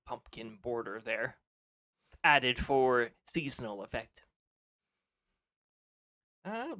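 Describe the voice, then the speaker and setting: A man's voice: mid-range voice, bright, forceful tone. A man chatting casually on a live stream, laughing often and reading off weather details.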